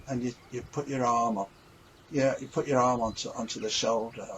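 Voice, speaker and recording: A man's voice: mid-range voice, steady tone, moderate pace, slight background noise, poor audio. A man talking earnestly and a little ramblingly in a casual reflective vlog. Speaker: vlogger.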